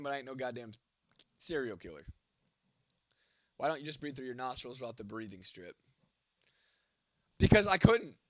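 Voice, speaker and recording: A man's voice: mid-range voice, gravelly, a bit bright, no room sound. A young man hosting a livestream and answering chat in casual, profane talk; he is congested and his voice is going from a cold. He is blunt and teasing, swearing constantly.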